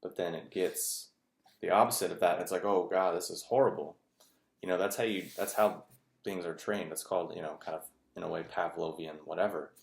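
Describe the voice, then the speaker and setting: Low, gravelly man rambling. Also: steady tone, a little fast. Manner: rambling, filler-heavy, conversational. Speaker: video host. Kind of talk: casual monologue. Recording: echoey room.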